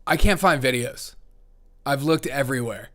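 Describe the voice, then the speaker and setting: A man's voice: medium pitch, normal speed, sharp tone. A man hosting a comedy news live stream, talking sarcastically and laughing often. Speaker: host.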